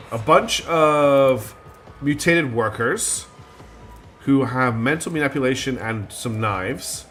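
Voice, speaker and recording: A man's voice: mid-range voice, fairly bright tone. Chatty man streaming a game. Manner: chatty, thinks aloud, reads game text. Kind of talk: casual gameplay commentary.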